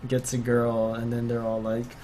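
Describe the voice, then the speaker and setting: A man's voice: medium pitch, monotone, moderate pace, a loud crowd. A young man co-hosting a podcast in casual chat, rambling and acting out quotes. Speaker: podcast host.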